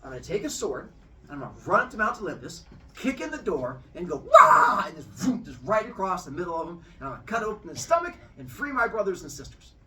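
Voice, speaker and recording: A man voicing a hotheaded young male god, excitable and boastful. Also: high voice, fast talker, recorded from a distance, voice pushed up, exaggerated voice, rough recording. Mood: brash.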